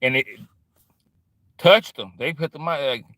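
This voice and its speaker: A man's voice: mid-range voice, unhurried, pushed and bright, no echo, clean studio sound. A man talking in a rambling, streetwise monologue, full of slang, who keeps drifting into quoting other people. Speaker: vlogger. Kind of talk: casual monologue.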